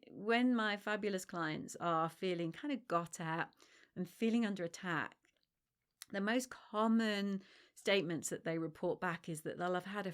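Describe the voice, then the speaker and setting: A woman with a clear, resonant, medium-pitched voice hosts her own solo podcast as a dog separation-anxiety trainer. She speaks straight to the listener, emphatic and reassuring.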